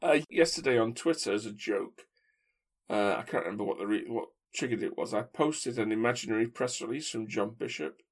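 A man co-hosting a casual chat podcast, wry and opinionated, thinking aloud with pauses. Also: lowish voice. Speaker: podcast co-host.

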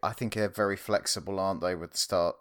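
A man in a casual podcast chat, playful and quick to make a joke. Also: sits low, fairly even intonation, a bit bright, no room sound, clean studio sound. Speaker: podcast co-host.

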